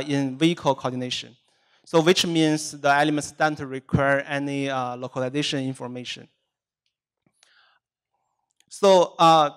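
Clear-voiced man giving a tech talk. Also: a little high. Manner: steady, methodical explaining. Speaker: software engineer presenting at a tech meetup. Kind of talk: technical presentation. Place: meetup presentation room.

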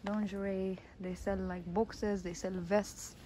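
A woman's voice: medium pitch, little pitch movement, unhurried. A woman casually vlogging while walking through an outdoor street market, talking to a handheld camera with lots of "like" fillers. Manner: chatty, many "like" fillers. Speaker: vlogger showing shops. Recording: phone vlog with loud street noise. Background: street ambience and traffic.

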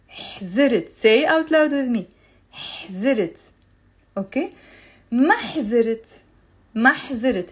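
A woman with a Lebanese Arabic accent gives a playful, chatty language lesson live, her voice sitting a little high. She keeps repeating phrases slowly for her viewers and talks into a phone or webcam. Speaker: Arabic teacher.

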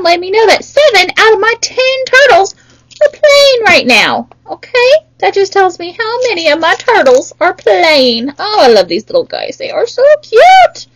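A woman tutoring young children in math, playful and sing-song with bursts of excitement. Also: very high-pitched, poor audio.

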